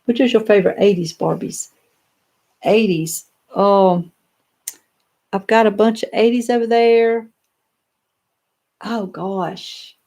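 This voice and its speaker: A woman's voice: mid-range voice, fairly even intonation, slow, pauses often, warm tone. Chatty older woman on a live stream. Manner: chatty and rambling, with many fillers and restarts. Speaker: doll collector hosting a live stream. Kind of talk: casual live-stream chat, answering viewer comments. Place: home office lined with doll showcases.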